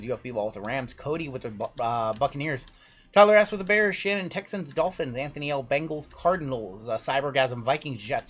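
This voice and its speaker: A man's voice: mid-range voice, fairly bright tone. A man hosting a live card-break stream in a casual, chatty way. He rattles off long lists of names and teams and answers chat as he goes.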